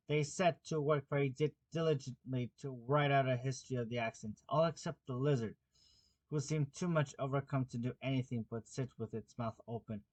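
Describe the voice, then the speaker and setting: A man reads a children's classic aloud as an amateur audiobook narrator. His delivery is plain and unhurried, with the odd slip and restart along the way. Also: medium pitch. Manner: plain, unhurried reading with small slips and restarts. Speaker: audiobook reader.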